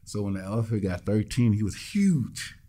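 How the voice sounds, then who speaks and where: A man's voice: on the low side, big pitch swings, moderate pace, warm tone. A man, a musician guest in an interview, telling his story bluntly and acting out the voices of the people in it. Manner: blunt, swears freely.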